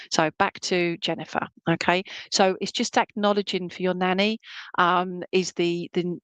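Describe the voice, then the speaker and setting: A woman with a fairly low voice leads an online spiritualist reading from her home. She talks in a warm-hearted, chatty way, full of fillers and terms of endearment. Her voice sounds dry and close, with no room echo. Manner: chatty and affectionate, many fillers. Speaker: spiritualist medium.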